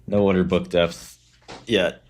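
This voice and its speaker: A man's voice: deep voice, little pitch movement, slow, a little hiss or hum. A man hosting a casual livestream, talking trading in a blunt, offhand way and giving advice. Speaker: livestream host and trader.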